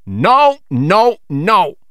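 A furious, hot-tempered ship captain bellows his protests, his voice pitched up high and swinging wildly, as a male narrator puts him on. The sound is dry and close. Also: huge pitch swings, slow pace, dry recording, full character voice. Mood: protesting. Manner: shouting, outraged.

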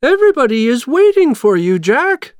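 A storybook narrator voicing an excitable, fussy male town mayor who calls out eagerly. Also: normal speed, clean tone, dry recording, studio quality. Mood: excited. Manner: eager, high-pitched calling.

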